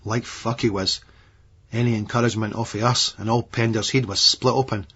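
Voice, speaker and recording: A man's voice: fairly low pitch, steady tone, brisk, fairly bright tone, husky. A man with an Edinburgh Scottish accent, narrating a gritty audiobook in a blunt, foul-mouthed first-person way. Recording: dull lo-fi remastered audiobook recording.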